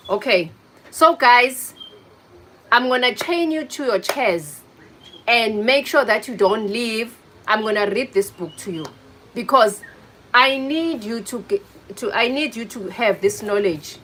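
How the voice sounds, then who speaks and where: A woman's voice: fairly high pitch, a little slow, fairly bright tone, slight background noise, low-quality recording. A woman hosting a casual livestream, chatting with viewers, greeting them by name and teasing them. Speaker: livestream host. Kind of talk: casual live chat with viewers.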